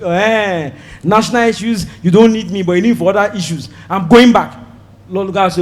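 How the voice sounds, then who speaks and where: A man with a Nigerian accent doing a stand-up comedy set, loud and animated, acting out voices and shouting his punchlines. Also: sits high, brisk. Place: stage before a live audience.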